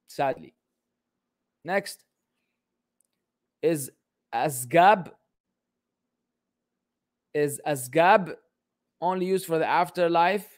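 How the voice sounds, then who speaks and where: Male Islamic teacher, bantering Q&A, high-pitched, dry close sound. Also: a little mellow, dry recording. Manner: joking, exasperated, teasing. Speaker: Islamic teacher answering questions. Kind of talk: casual livestream Q&A lesson.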